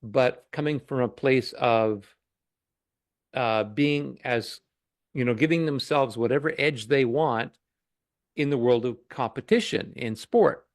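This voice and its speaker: Gravelly-voiced thoughtful man. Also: medium pitch, unhurried, no room sound, clean studio sound. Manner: thoughtful, hesitant, many fillers. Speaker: guest. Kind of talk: casual conversational podcast.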